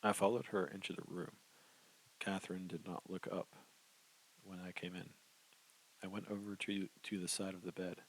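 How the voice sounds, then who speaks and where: एक आदमी उपन्यास को पहले पुरुष में धीमे, गंभीर अंदाज़ में पढ़कर सुना रहा है।. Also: male voice, low-pitched, level tone, normal speed, long pauses, slight background noise, low-quality recording. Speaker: audiobook narrator. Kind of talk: first-person novel narration.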